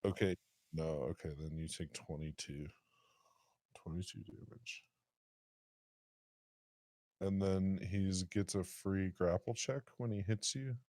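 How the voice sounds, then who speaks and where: A man with a low voice runs a tabletop game, patiently explaining the rules step by step. His voice sounds close and dry, with no room around it. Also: takes it slowly, pauses often, a little mellow, dry recording. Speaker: dungeon master. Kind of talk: running a tabletop game over voice chat.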